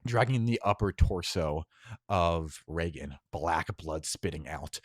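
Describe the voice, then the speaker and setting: A man with a very low voice narrates a tabletop superhero game as game master. He talks casually, dotted with ums. The sound is dry and close. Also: lively intonation, slow, no echo. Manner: casual, with many filler ums.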